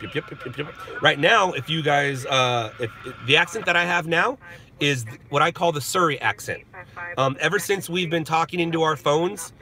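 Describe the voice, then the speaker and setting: A middle-aged Southern California man hosts a casual live stream on his phone, laughing often as he rambles and answers viewers. His voice is fairly high-pitched with a sharp tone.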